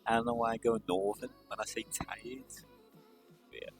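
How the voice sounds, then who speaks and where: A man's voice: mid-range voice, little pitch movement, fast talker, faint music behind. A male streamer chatting casually on a live stream, tired and rambling in a self-deprecating way.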